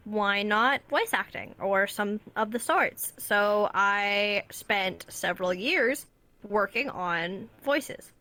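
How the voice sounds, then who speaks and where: Bright-voiced chatty woman. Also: mid-range voice, takes it slowly. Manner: chatty, laughs often. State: strained voice. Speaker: guest. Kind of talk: casual interview chat.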